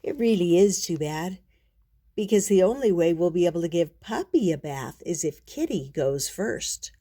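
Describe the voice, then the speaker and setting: An older woman as a storytelling grandmother, reading a children's picture book aloud in an unhurried, expressive way with playful asides. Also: lowish voice.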